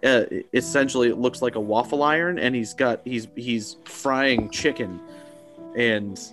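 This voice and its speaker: A man's voice: mid-range voice, measured pace, music in the background. Rambling man running a tabletop game. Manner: loose, rambling narration with many fillers. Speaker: game master.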